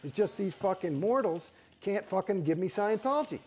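A man's voice: high voice, animated, moderate pace, a little mellow, breathy edge. A middle-aged man, a guest in an interview, telling a story in an emphatic, rambling and heavily profane way. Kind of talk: candid storytelling.

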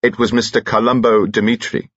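A man voicing a calm, formal police inspector who questions in a quiet, matter-of-fact way in an audiobook. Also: on the low side, fairly quick, dry recording, lo-fi sound, pitched above the performer's own voice.

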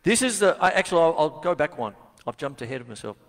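A man's voice: fairly high pitch, sing-song, fast talker, long reverb tail. A man, giving a casual, jokey drum lesson on stage in a venue. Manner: chatty and jokey, laughs often. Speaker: drum teacher. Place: music venue theatre stage. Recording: live drum kit loud behind voice.

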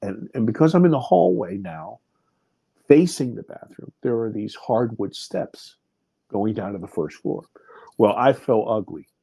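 Male guest in his fifties, husky mellow voice, dry close sound, animated storyteller. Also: medium pitch, measured pace, no echo. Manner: vivid, animated retelling with many restarts. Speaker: podcast guest. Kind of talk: personal storytelling in an interview.

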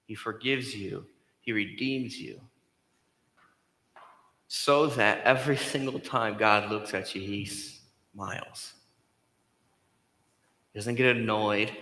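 A man preaches a sermon in a chatty, direct way. His voice is bright and forceful, moving between loud emphasis and quiet, hushed lines. It rings with a long echo through a church hall. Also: medium pitch. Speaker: pastor. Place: church sanctuary.

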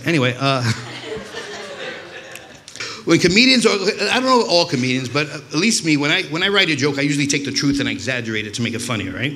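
A man's voice: on the high side, very animated, fast talker, noisy background. A man from New York doing stand-up, telling rambling, profane stories full of restarts. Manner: profane, rambling, self-interrupting. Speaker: stand-up comedian. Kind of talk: stand-up storytelling.

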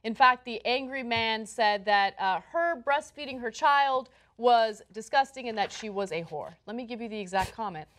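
A woman hosting a news commentary show, wry and quick to read out quotes. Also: a little high, lively intonation, fairly bright tone. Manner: wry, reads quotes aloud.

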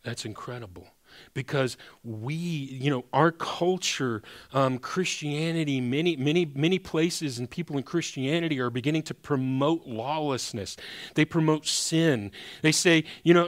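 A man's voice: fairly high pitch, moderate pace. A man preaching a sermon as pastor. He speaks in a conversational, emphatic way and often restarts his sentences.

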